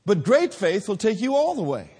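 A man preaching a sermon, swinging between loud drawn-out peaks and quiet low lines. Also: big pitch swings, breathy edge.

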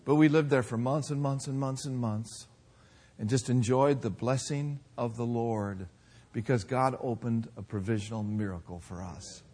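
A man in his sixties preaching a sermon, telling folksy personal stories with humor and lively emphasis. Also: medium pitch, moderate pace, breathy edge. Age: 60s. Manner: folksy storytelling, animated with laughs. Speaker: pastor.

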